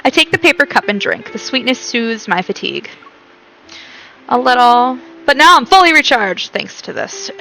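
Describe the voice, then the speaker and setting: A woman's voice: fairly high pitch, lively intonation, moderate pace, gravelly, sharp tone, slight background noise, poor audio. A young woman streaming a romance game, reading narration and her own lines aloud and chatting between them.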